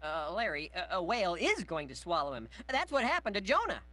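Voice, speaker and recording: A man's voice: sits high, big pitch swings, fairly quick, bright, forceful tone, no room sound, exaggerated voice. A man voicing a patient, sensible male tomato who speaks with frequent hesitant "uh"s. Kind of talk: cartoon voice acting.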